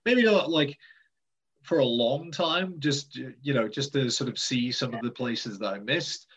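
A man's voice: mid-range voice, a little slow, a bit bright, slightly rough, poor audio. A man in casual conversation as an interview guest, rambling and self-deprecating, with many fillers and restarts. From Britain.

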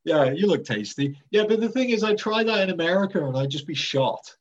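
A man's voice: high-pitched, animated, fairly quick, highs cut off, slight background noise. A man in casual conversation as an interview guest, rambling and self-deprecating, with many fillers and restarts. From Britain.

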